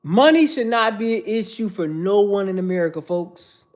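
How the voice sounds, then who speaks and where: A livestream host, a man in his thirties, rants casually at his chat audience with a high, expressive voice at normal speed. His lecturing is blunt and peppered with the same slang over and over.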